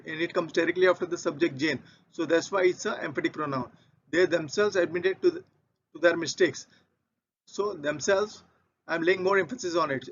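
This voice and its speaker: A man teaching grammar in a patient, methodical way, working through example sentences one by one and often repeating his point. His voice sits fairly high. The recording sounds muffled and lo-fi. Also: a bit bright. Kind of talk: explaining grammar over slides. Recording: dull lo-fi recording.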